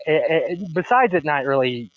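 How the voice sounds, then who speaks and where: A man hosting a film podcast, talking in a rambling, halting way with many restarts. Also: on the high side, very animated, highs cut off. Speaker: podcast host. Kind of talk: casual discussion.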